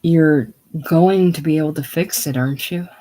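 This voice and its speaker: A reader voicing a gentle, devoted young woman in a casual play reading, with soft, tender delivery. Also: mid-range voice, moderate pace, natural voice.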